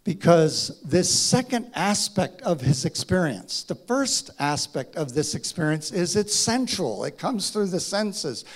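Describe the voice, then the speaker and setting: Animated man preaching, slow and dramatic. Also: high voice. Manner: dramatic, acts out voices, swings from hushed to shouting. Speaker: pastor. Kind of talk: sermon.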